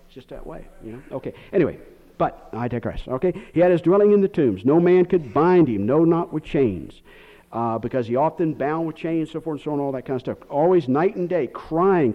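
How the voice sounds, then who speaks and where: A man preaching a sermon, rambling off on tangents and then hammering his points hard. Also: on the high side. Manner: rambling, digressive preaching with sudden emphatic outbursts. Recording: dull lo-fi recording.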